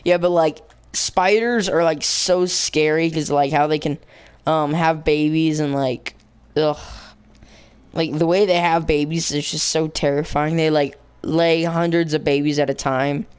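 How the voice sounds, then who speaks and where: A young man hosting a let's play, rambling with lots of fillers and bursting into yelling at the game. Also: a little high, fairly even intonation, unhurried, smooth. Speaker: gaming channel host.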